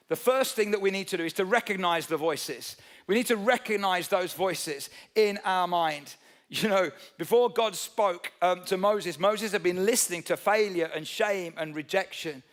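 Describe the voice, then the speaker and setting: A man's voice: sits high, fairly bright tone. A man preaching a conversational, emphatic sermon at a church service. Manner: conversational, emphatic preaching with a quickening and slowing pace. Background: live instrumental music.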